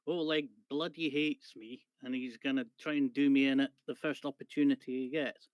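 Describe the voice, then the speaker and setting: A man's voice: mid-range voice, no echo. A man with a British accent playing his character in a tabletop game, chatting casually in character. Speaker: player.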